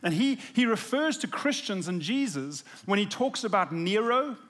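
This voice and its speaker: A man's voice: sits high, sing-song, moderate pace, a bit bright. A man preaching a sermon, telling the story in a casual, conversational way and acting out the quotes. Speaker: pastor.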